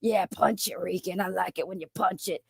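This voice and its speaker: A crude, sleazy woman character with a low, gravelly rasp that grinds through every drawled taunt, as a woman puts her on. She sneers and teases in a close, dry-sounding voice. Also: moderate pace, darkish tone, no echo. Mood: mocking.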